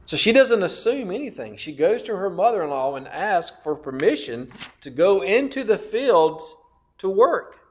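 A man preaching a sermon, slow and emphatic, repeating phrases and asking questions of his listeners. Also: sits high, sing-song. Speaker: pastor.

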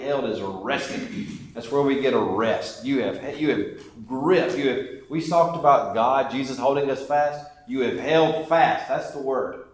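A man preaching a sermon as a pastor, emphatic, rising and falling in loudness. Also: mid-range voice. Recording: echoey church hall.

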